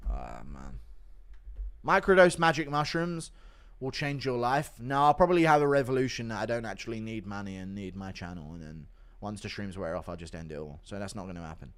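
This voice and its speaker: A man livestreaming and reading viewer donations in a casual chat, mumbling in a downbeat way, breaking into loud ranting bursts, and swearing freely. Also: on the low side, animated, brisk. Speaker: streamer.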